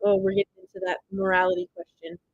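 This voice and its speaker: Excitable woman reacting to a film. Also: on the low side, fast, creaky, phone-quality sound, a little hiss or hum. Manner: excitable, blurts reactions and swears; recaps the plot in loose, rambling sentences. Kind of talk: live watch-party commentary.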